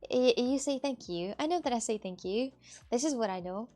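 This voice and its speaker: A woman's voice: a little high, lively intonation, normal speed, a little mellow. A woman livestreaming, chatting casually and answering viewer messages in a teasing way. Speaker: livestreamer reading chat. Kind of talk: casual live-stream chat.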